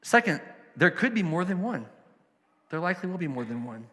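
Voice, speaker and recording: A man's voice: high-pitched, very animated, fairly quick, bright, forceful tone, in a large hall. A man preaching a sermon as a pastor, conversational and storytelling, with emphatic asides.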